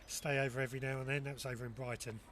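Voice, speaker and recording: Man, allotment holder, plain mid voice, relaxed outdoor chat, faint hiss. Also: mid-range voice, rapid-fire. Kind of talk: casual chat.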